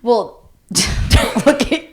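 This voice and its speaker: A woman's voice: fairly high pitch, animated, drawn-out words, a little hiss or hum. A woman co-hosting a podcast, joking drily in casual chat. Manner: dry, joking. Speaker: podcast co-host.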